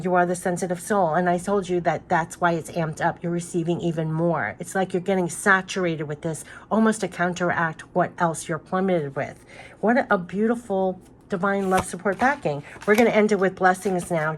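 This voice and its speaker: A woman with a fairly low voice leads a spiritual oracle card reading. She talks in an effusive, emphatic way and keeps circling back to the same phrases. A faint background hiss sits under the recording.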